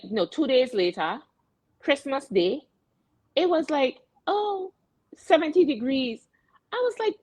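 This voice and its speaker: A woman's voice: mid-range voice, no room sound. A middle-aged woman from the Virgin Islands with a Virgin Islands accent, hosting a radio show in casual chat and acting out exasperated reactions as she tells stories.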